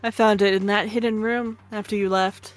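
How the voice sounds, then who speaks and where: Kirigiri, a cool and guarded teenage girl detective, read out by a woman, speaks in terse, matter-of-fact lines at a middling pitch. Faint music plays behind her. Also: fairly even intonation, moderate pace, close to an everyday voice. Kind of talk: dramatic reading of game dialogue.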